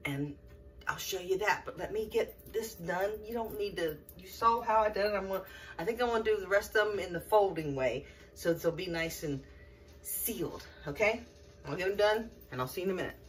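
A woman's voice: medium pitch, animated, brisk. Lady talking y'all through a recipe in her kitchen, chatty and folksy, mic kinda far off, faint noise behind. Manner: chatty, folksy, talks to viewers as y'all, laughs at herself. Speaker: home cooking vlogger. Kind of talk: casual cooking demonstration. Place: home kitchen.

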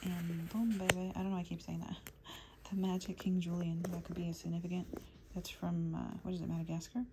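A woman giving a channeled tarot reading to her viewers, speaking low and hushed, sometimes slipping into a whisper, rambling through lists of names. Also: flat delivery, quick pace, heavy background noise. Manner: rambling, listing names as they come. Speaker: tarot reader.

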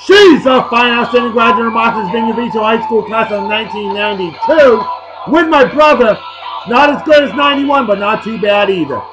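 A boisterous man, his voice sitting unusually high for a man. He rambles and jokes through a casual vlog with music playing behind him. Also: a little fast, highs cut off. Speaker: host. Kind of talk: casual beer-review vlog.

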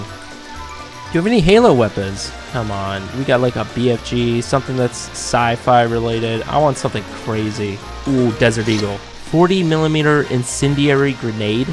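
Excitable man riffing over game music. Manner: excitable, riffing, sudden jumps in pitch. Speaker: gaming YouTuber. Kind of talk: let's-play commentary.

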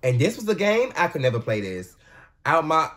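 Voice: medium pitch, sing-song, moderate pace, noisy background. A reaction video host in casual commentary, exclaiming and talking back at the screen.

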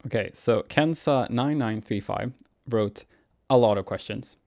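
A young man, a cellist answering viewer questions in a relaxed, musing Q&A vlog, chuckling often. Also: medium pitch, unhurried, vocal fry. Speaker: cellist and YouTuber. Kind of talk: casual Q&A vlog.

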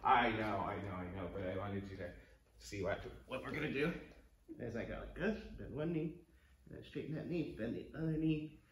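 A man's voice: mid-range voice, moderate pace, roomy sound. A man leading a kids yoga class at home, encouraging and playful as he counts the breaths. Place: home room.

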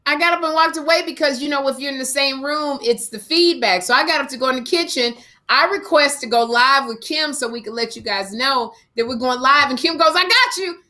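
A woman co-hosting a casual comedy livestream, telling a story in an animated way and acting out other people's voices. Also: sits high, fairly quick. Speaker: co-host.

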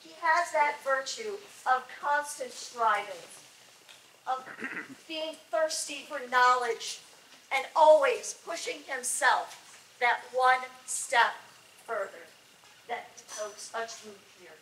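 A woman giving an emphatic ceremonial speech, telling stories with pauses. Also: sits high, pushed and bright. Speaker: speaker at a knighting-style ceremony. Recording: echoey, distant mic, faint noise.

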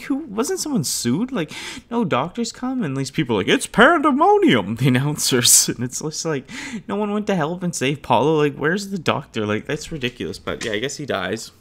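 Rambling chatty man reviewing a movie. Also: medium pitch. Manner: rambling, filler-heavy, laughs often while retelling. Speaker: podcast host. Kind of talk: casual movie review chat.

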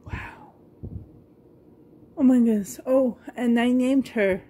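A woman's voice: a little high, dark tone. A woman vlogger gushing over a new doll in a casual unboxing vlog, coughing now and then. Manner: gushing, breathy with delight, slow.

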